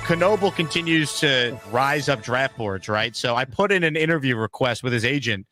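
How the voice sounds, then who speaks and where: A man hosting a comedic sports talk show, teasing his callers with quick banter. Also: mid-range voice, animated, pushed and bright, soft background music.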